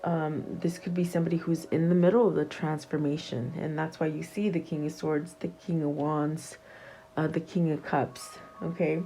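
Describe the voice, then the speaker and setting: Mellow-voiced woman giving a tarot reading. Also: sits low, flat delivery, normal speed, soft background music, rough recording. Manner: soft, meandering, many fillers and restarts. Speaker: tarot reader. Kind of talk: casual tarot reading to camera.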